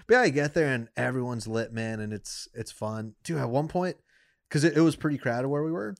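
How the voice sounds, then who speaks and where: A young man in casual chat, telling a story with lots of laughter and squeaky voices for the people he quotes. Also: a little fast, vocal fry, no echo, studio quality.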